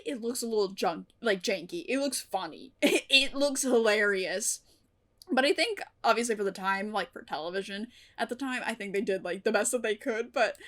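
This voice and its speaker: A young adult woman recapping and reviewing a TV episode in casual chat, talking in an animated way, swearing often and breaking into laughter. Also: fairly high pitch. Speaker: TV reaction YouTuber.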